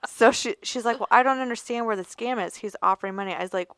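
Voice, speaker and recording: A woman co-hosting a podcast, chatting casually and telling animated stories, acting out the voices of callers. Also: on the high side, quick pace, smooth, no echo. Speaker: podcast co-host. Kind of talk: casual chat.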